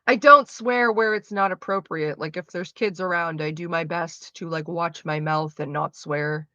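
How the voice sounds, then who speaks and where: A woman's voice: on the low side, fairly even intonation, moderate pace, pushed and bright, no room sound, muffled recording. A woman livestreaming, answering her chat in a frank, chatty way and swearing freely. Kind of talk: casual chat.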